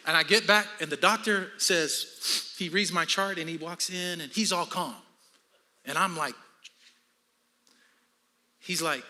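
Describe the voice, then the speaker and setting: Bright, high-voiced preacher man in his fifties. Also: a little slow, pauses often. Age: 50s. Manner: storytelling with humor, preaching to a congregation. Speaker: pastor. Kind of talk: sermon.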